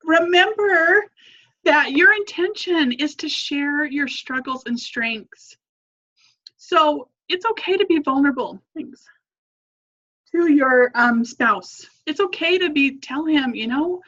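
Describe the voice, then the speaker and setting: A woman's voice: high-pitched, takes it slowly, bright, forceful tone, muffled recording. A woman family coach giving an earnest, encouraging lesson, repeating her points for emphasis.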